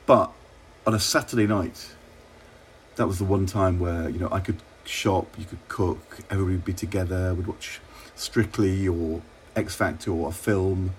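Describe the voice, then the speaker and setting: A middle-aged man from England, a former minister, telling wry, measured stories in an interview. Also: low-pitched, steady tone, a little hiss or hum. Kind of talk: relaxed interview anecdotes.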